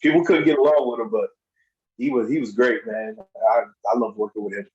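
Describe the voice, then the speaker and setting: A man telling wrestling stories as a podcast guest, in a casual, animated way, acting out other people's lines in a raised voice and laughing often. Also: mid-range voice, a little fast, highs cut off. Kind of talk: casual storytelling.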